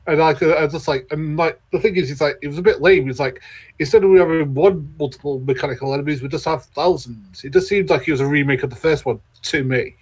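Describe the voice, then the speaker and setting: A man's voice: on the high side, quick pace, slightly rough. A man co-hosting a casual movie-ranking chat, stammering through blunt opinions. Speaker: podcast co-host.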